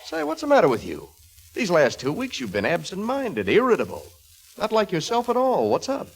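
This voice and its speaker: An actor playing a friendly, puzzled astronomer colleague in a 1940s radio comedy, with brisk, chatty questions. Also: male voice, sits high, wildly swooping pitch, creaky, exaggerated voice.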